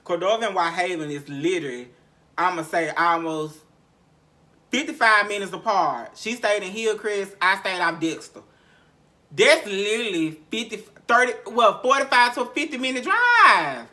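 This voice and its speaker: Bright-voiced man telling a raw story. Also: high-pitched, expressive, moderate pace. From Memphis, Tennessee. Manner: profane, repetitive, heavy sighs, emotional recounting. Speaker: podcast host. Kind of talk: candid storytelling monologue.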